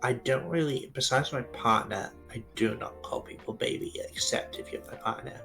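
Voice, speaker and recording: Bright creaky British man chatting. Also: mid-range voice, moderate pace, soft background music. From Britain. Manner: chatty, rambling with restarts. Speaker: stream co-host. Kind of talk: casual chat while gaming. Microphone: home mic over voice chat.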